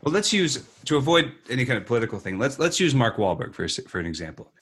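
Podcast co-host, male, husky voice, emphatic and animated delivery that slips into little impressions; casual opinion talk. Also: mid-range voice, fast talker. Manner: emphatic, acts out quoted people, frequent restarts.

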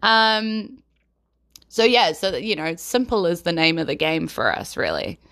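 A woman's voice: fairly low pitch, sing-song, fairly bright tone. A woman with a New Zealand accent, chatting casually and rambling cheerfully as a podcast host. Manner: chatty and rambling, quick to laugh. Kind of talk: casual chat.

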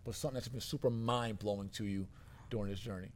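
Relaxed man hosting an interview. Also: lowish voice, fast. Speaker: podcast host. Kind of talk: casual interview chat.

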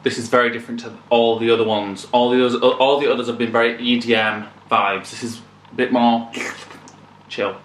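A man hosting a casual album reaction, excitable and swearing, now and then singing along. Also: mid-range voice, brisk, slight background noise. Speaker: music reaction channel host. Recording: echoey room with loud music behind. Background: music playing.

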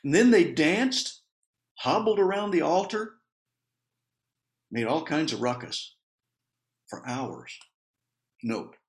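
Animated, chuckling male preacher. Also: medium pitch. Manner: animated, playful, chuckling at the humor in the text. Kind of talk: sermon with scripture reading.

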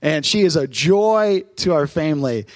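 A man, a pastor in his thirties, preaching a sermon on stage in church, telling family stories in a lively, animated way. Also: fairly high pitch, no echo. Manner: warm storytelling, lively, quick asides.

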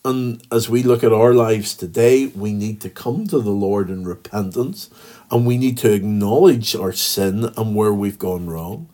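A man's voice: on the low side, unhurried, mellow. A man with a Northern Irish accent giving a daily devotional as a pastor, earnest and reading scripture aloud. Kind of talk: daily devotional podcast talk.

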